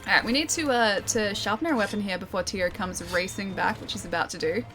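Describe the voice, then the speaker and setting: A woman's voice: mid-range voice, a little fast. A woman with an Australian accent streaming a game, chatting and laughing as she reads chat and calls out her moves. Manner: chatty and playful, laughs often. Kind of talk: live gameplay commentary, reading chat aloud. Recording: loud game music behind the voice. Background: loud game music.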